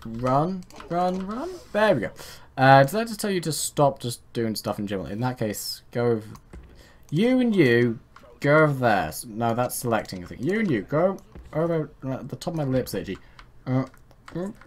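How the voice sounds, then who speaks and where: A man narrating a strategy game, chatty and self-mocking as he barks orders at his units. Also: mid-range voice. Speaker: gaming YouTuber. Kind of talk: casual let's play commentary.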